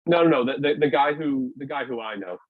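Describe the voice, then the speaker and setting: A man's voice: medium pitch, brisk, no echo. A man in a casual interview on a video call, talking in a rambling, hesitant way with many restarts. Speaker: podcast guest, weightlifting media founder. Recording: dry, tinny phone-like call audio.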